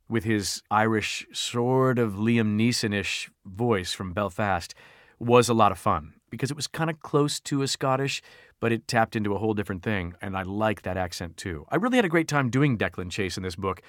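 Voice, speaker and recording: A man who works as an audiobook narrator, answering fan questions in a recording studio, telling stories in an animated, playful way. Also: on the low side, dry recording.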